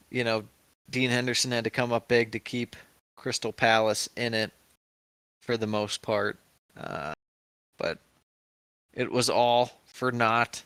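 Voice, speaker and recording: A man co-hosts a football podcast, trading jokes and chatty banter while he recaps matches. His voice is smooth and resonant at a middle pitch. It is recorded close and dry. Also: a bit bright, dry recording. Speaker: podcast co-host.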